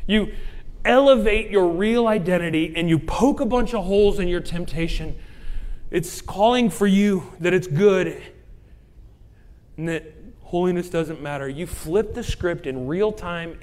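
A man preaching a sermon, swinging between hushed, whispered lines and loud, emphatic passages. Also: high-pitched. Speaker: pastor.

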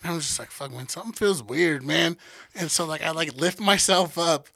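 A man co-hosting a podcast, telling a story in casual chat, profane and animated, acting out what people said. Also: a little high, normal speed, creaky, dry recording, clean studio sound. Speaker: podcast co-host.

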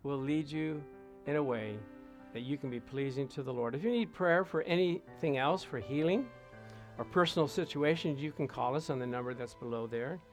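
A male pastor preaches and leads prayer with fervent repetition, calling out "Amen?" to his listeners. His voice is medium-pitched at a normal speed, with soft music in the background.

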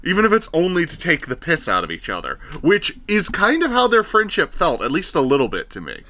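Bright-voiced, wry man in casual chat. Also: a little high, wildly swooping pitch, brisk. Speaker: podcast co-host. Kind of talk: casual movie review chat.

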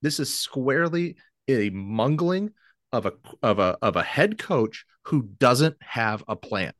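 A man co-hosting a sports podcast, blunt and opinionated, firing back quick rebuttals in casual chat. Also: mid-range voice, lively intonation, fairly bright tone, dry recording. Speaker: podcast co-host.

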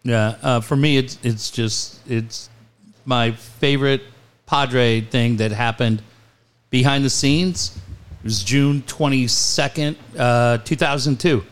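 A man's voice: medium pitch, takes it slowly, smooth. A man hosting a sports talk show, telling a long, profane story with lots of laughter. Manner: animated storyteller, profane punchlines, laughs through quotes. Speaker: sports radio host. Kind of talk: casual storytelling chat.

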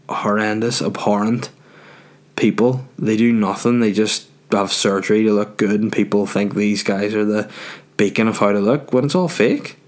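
Sweary ranting comedian, lowish voice. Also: male voice, a little mellow. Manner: sweary, ranting, self-mocking. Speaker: stand-up comedian answering viewer questions. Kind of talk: casual chat.

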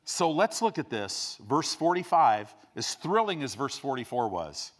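Animated preacher telling stories. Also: male voice, unhurried. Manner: animated storyteller, swings between loud bursts and low hushed asides. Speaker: pastor. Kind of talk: sermon storytelling.

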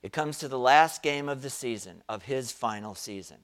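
A man preaching a sermon, telling a story with dramatic pauses and rising swells of volume. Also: mid-range voice, fairly bright tone. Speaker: pastor.

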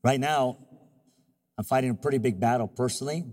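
A man preaching a sermon as pastor, moving from quiet, confiding talk to loud call-and-response exhortation. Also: brisk, big-room sound. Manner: soft, low, confiding in personal stretches.

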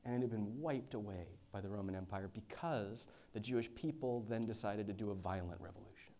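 A man preaching a sermon, reading scripture aloud and then explaining it in a lively, conversational way with quick asides. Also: lowish voice. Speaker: pastor.

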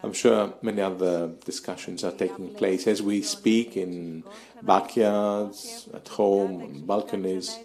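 Man, panel speaker; slow, halting delivery with a slightly low, gravelly voice. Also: steady tone, darkish tone. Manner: halting, with many pauses and fillers. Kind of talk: live webcast panel discussion.

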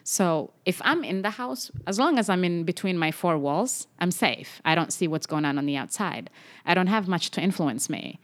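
A young adult woman with a fairly low voice talks through a podcast interview as a medical doctor guest. She is animated and conversational, slipping into the voices of the people she quotes. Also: moderate pace, few pauses. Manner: animated, acts out quoted speech.

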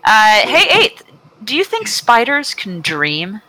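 Woman, podcast host, bright voice, lively pitch, playful teasing, casual swearing. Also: slow pace, poor audio. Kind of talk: casual chat, reading chat questions.

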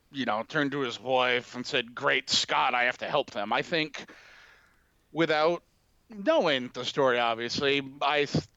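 A man's voice: on the high side, pushed and bright, smooth, dry recording. A man co-hosting a casual podcast, tossing in sarcastic, profane wisecracks. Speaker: podcast co-host. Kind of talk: casual chat. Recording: dull, slightly lo-fi dry sound.

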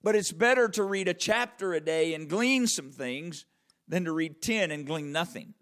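A man preaching a conversational sermon, checking in with the audience with frequent questions and slowing right down to stress key words. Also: fairly high pitch, lively intonation. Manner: wide swings in loudness and emphasis, drawn-out slow words. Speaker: pastor.

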